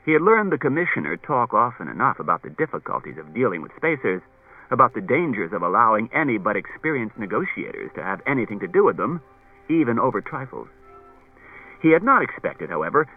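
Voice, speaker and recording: A man reading a novel aloud as audiobook narrator, measured and expressive, from an old cassette tape. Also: medium pitch, husky. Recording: tinny lo-fi cassette tape with faint music.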